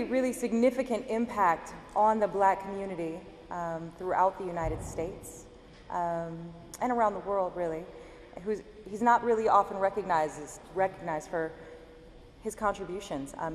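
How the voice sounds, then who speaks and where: A woman from Denver, a slam poet, performing spoken word with an expressive, emphatic delivery and chatting with the audience between poems. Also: mid-range voice, a little hiss or hum. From Denver, Colorado. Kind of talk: slam poetry reading with stage banter. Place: university event hall. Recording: echoey hall with faint ambience.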